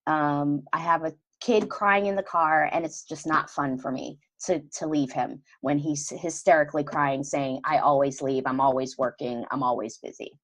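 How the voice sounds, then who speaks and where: A woman's voice: sits low, moderate pace, hardly any pauses, dry recording, poor audio. A middle-aged woman, a podcast guest, telling a personal story in casual conversation and acting out the dialogue she quotes. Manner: animated, acts out quoted dialogue.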